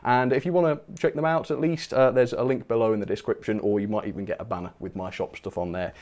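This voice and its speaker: A man's voice: fairly low pitch, fairly even intonation, quick pace, darkish tone. A man hosting a live stream, chatting casually and reading out viewer messages with bursts of enthusiasm. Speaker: channel host.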